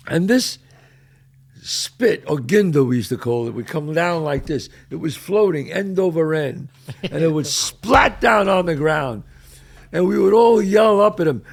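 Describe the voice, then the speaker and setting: Gravelly New York storyteller, older man. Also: on the high side. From the Bronx, New York. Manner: animated, loud when quoting, trails off quietly. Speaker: podcast host. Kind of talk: casual storytelling.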